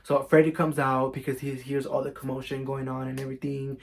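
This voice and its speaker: A man's voice: medium pitch, monotone, a little fast. A man vlogging a casual storytime from his bedroom, chatty and profane, saying "like" constantly.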